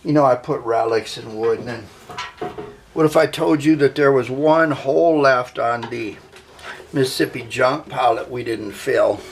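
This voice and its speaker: Man, folksy joking workshop host, middling pitch, faint background hiss. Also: moderate pace, gravelly. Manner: folksy and joking, talks to viewers while working. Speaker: guitar builder, channel host. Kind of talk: workshop how-to vlog.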